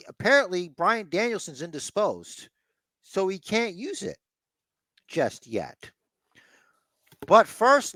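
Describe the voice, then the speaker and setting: A man's voice: a little high, a bit bright, dry recording. A man hosting a casual podcast chat, rambling, blunt and sometimes profane. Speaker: podcast host.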